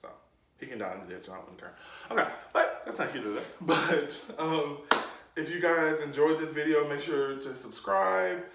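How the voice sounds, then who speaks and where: A young man telling a storytime vlog story, animated and jumping into different voices for the people he quotes. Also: on the high side, moderate pace, creaky, far from the mic, a little hiss or hum. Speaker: YouTube storyteller. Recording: roomy echo, off from the mic.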